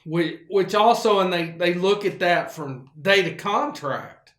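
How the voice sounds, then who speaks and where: A man's voice: high voice, expressive, unhurried, fairly bright tone, roomy sound. A man, hosting his own show and telling a rambling, folksy story full of fillers and restarts. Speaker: show host. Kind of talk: casual storytelling monologue.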